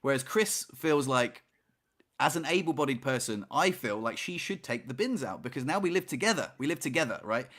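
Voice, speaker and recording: A podcast co-host with a medium-pitched, slightly bright voice speaks animatedly and a little fast. He tells a story in casual chat, sprinkling in plenty of "you know" and "right?" asides.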